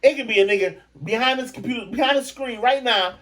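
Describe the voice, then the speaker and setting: A man's voice: very high-pitched, fast talker, fairly bright tone. A man from Michigan hosting a podcast, delivering a profane, brash, mocking comedic rant. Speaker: podcast host.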